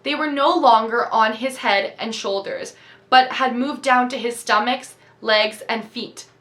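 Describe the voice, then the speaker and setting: A woman reading a novel aloud with steady, expressive storytelling. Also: on the high side. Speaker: reader.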